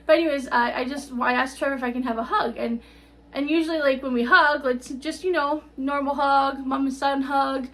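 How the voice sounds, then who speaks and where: A middle-aged woman talking straight to camera in a tearful, rambling personal update, halting and repeating herself. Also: sits high, fairly even intonation, a bit bright. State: tearful, on the verge of crying. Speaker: vlogger.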